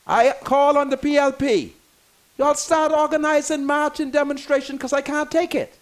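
High-pitched fiery man in his 60s. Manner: theatrical, ranting, mocking. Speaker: talk show host. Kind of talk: fiery political rant on talk radio.

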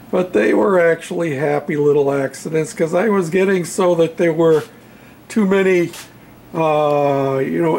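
Slow, gravelly man in his workshop. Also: on the high side, a little mellow, a little hiss or hum. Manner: unhurried, halting, with many fillers. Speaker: model railroad hobbyist showing his painted backdrop. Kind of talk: casual show-and-tell.

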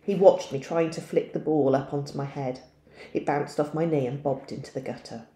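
A woman teacher reading a novel aloud in a steady storytelling voice. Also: deep voice, normal speed, echoey room.

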